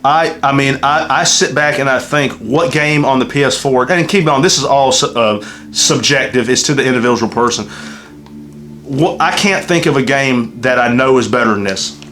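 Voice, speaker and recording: A man's voice: medium pitch, normal speed, fairly bright tone, slight background noise. Rambling, cursing Southern man. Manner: rambling, emotional, swears constantly. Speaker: channel host reviewing a game. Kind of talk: casual unscripted review chat, heavy profanity.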